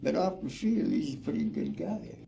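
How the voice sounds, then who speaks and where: Warm-toned and a little high, this older man's voice has a sing-song lilt and vocal fry at a moderate pace. A former ball player, he spins folksy yarns in a reminiscing interview, leaning on "see?" and "you know," with some hiss or hum in the background.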